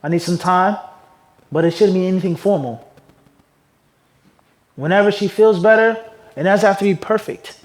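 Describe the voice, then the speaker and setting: A man's voice: high voice, moderate pace, pauses often, low-quality recording. Man teaching, quizzing his class aloud. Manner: keeps asking the class "what?" for them to fill in; wide swings in loudness, from loud emphasis to quiet asides. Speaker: Islamic scholar teaching a class. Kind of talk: lecture answering questions. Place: classroom with a live audience.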